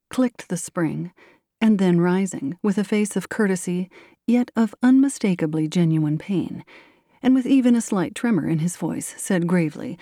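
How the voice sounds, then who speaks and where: A woman hosting and reading aloud a classic story in steady audiobook narration. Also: mid-range voice, no echo, clean studio sound. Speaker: host and reader.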